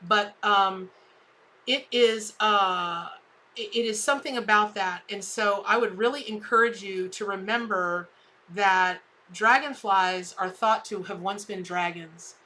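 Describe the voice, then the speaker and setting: A middle-aged woman giving a live tarot reading, chatty and heartfelt, often restarting her sentences and jumping high when excited. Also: a little slow, a little hiss or hum, poor audio. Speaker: tarot reader and medium.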